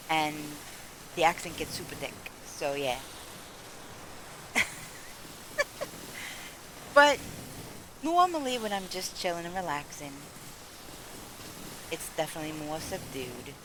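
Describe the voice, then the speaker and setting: A woman with a New York accent and a deep voice chats casually while streaming a zombie shooter, animated and full of lively storytelling. Loud gunfire and game sounds run under her voice, along with background noise.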